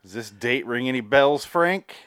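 Man, casual movie chat, joking, lively pitch, dry close mic. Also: moderate pace, smooth, no room sound. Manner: joking, animated, laughs a lot. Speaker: podcast co-host.

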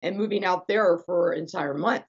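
A woman's voice: lowish voice, normal speed, slightly rough, muffled recording. A woman musician chatting casually in an interview, rambling with plenty of fillers and restarts. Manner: chatty and rambling, with many fillers and self-corrections. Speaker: guitarist and stage musician.

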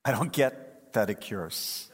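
A man's voice: on the low side, animated, slow, slightly rough. Older male pastor, conversational and wry, preaching in a church with long hall reverb. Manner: conversational, humorous storytelling. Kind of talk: sermon.

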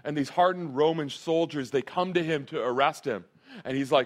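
A man's voice: on the high side, normal speed. Earnest man preaching a sermon. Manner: earnest, emphatic, repeats key phrases. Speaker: pastor.

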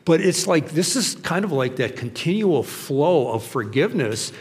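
A man's voice: a little high, very animated, normal speed, a little mellow. Man preaching a chatty sermon in a reverberant hall. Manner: conversational and anecdotal, acting out quotes. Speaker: pastor.

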